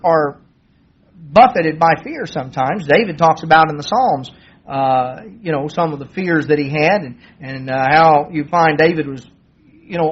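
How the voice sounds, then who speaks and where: A man delivers a sermon in a plain, conversational way and lifts his voice to act out the lines of the story. His voice sits high and has a husky edge. The recording is dull and lo-fi. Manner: conversational, acts out quoted dialogue in a raised voice. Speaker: preacher. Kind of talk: sermon retelling a Bible story.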